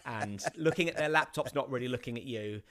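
A man's voice: medium pitch, fairly quick. Rambling man telling a story. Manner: rambling with many restarts, rising to animated outbursts. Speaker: actor. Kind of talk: casual anecdote on a podcast.

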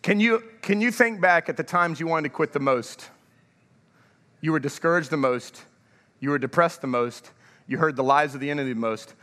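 A male pastor giving an energetic sermon in a large church, drawing the congregation to answer back. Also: fairly high pitch, normal speed, in a large hall. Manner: energetic, calls for congregation response.

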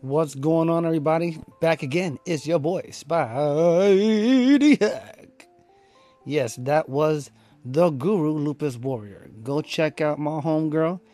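A man hosting a podcast in a laid-back, playful way, with rhyming shout-outs and frequent laughs. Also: fairly high pitch, normal speed, soft background music. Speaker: podcast host. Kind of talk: casual podcast chat.

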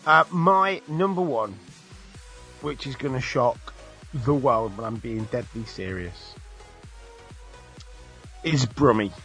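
A man's voice: medium pitch, animated, sharp tone, soft background music. A man from England co-hosting a casual radio chat, jokey and talkative. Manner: chatty, jokey, puts on voices in quick bits. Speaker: radio co-host.

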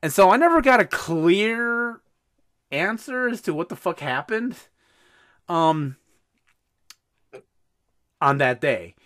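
A man hosting a podcast, telling a story in casual chat, animated and swearing freely. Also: high voice, takes it slowly, pauses often. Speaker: podcast host.

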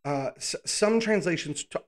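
A pastor preaching in a casual, conversational way, reading scripture and pausing to think aloud with informal asides. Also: male voice, high voice, lively intonation. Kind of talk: conversational sermon, Bible teaching.

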